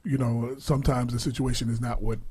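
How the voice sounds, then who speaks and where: A man in his forties, co-hosting a radio talk show, telling stories in a casual, animated way with laughs. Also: mid-range voice, brisk, crowd noise. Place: radio studio.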